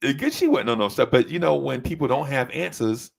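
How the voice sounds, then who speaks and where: A man telling a story in casual chat, animated and often breaking into high voices to mimic people. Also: fairly quick, creaky, breathy edge. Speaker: podcast co-host.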